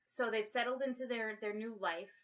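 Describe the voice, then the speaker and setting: Slightly high-pitched and fairly bright, her voice moves at a moderate pace. She co-hosts a laid-back podcast, giving a rambling plot recap of a movie with acted-out character quotes.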